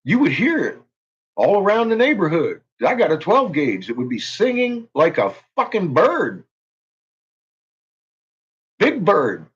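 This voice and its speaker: A man's voice: high-pitched, huge pitch swings, measured pace, pauses often, a bit bright, breathy edge, lo-fi sound. A man ranting angrily on his channel, swearing constantly and making heated threats. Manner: profane, heated, swaggering threats. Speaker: YouTuber. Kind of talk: angry ranting vlog.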